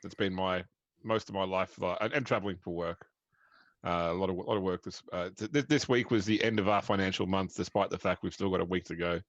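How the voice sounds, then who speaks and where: An Australian man with a fairly low voice chats casually as game master. He rambles and restarts his sentences often. His mic sounds dull and dry. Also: fast talker, no room sound. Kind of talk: casual chat.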